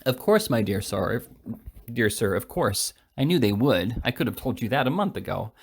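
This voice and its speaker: A fussy little lawyer, bustling and chatty, full of knowing asides and confident reassurance, as a man reading a storybook puts him on. The voice stays at a middle pitch. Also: expressive, moderate pace, gravelly, husky, no room sound. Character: fussy little male lawyer, fond of snuff.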